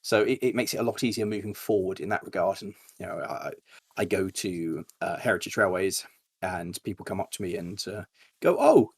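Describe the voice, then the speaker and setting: A man with a somewhat low, husky voice talks casually as an interview guest. He tells stories animatedly and leaps into squeaky impressions of the people in them. His pitch sits a bit below the typical male range. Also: fairly quick. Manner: animated storytelling, jumps to high-pitched impressions. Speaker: YouTuber guest.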